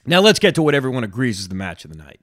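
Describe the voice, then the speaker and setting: A man's voice: medium pitch, rapid-fire, no room sound, studio quality. A man hosting a solo reaction podcast, opinionated and talking straight to his listeners, with a lingering cough. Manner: animated, opinionated, talks to listeners directly. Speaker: podcast host.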